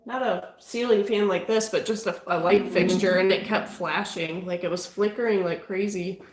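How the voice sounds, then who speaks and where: A woman's voice: mid-range voice, fairly even intonation, moderate pace, reverberant, rough recording. A woman chatting casually during a ghost-hunting session at a house. She keeps trailing off and restarting, and she stops to ask the spirits questions. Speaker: paranormal investigator. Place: room inside a house.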